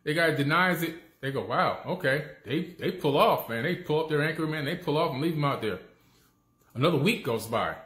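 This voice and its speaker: This male motivational speaker keeps asking "okay?" while repeating his key ideas in a casual, emphatic talk. His voice sits a little high and is expressive and fairly bright, with a fairly quick delivery, and the room is echoey.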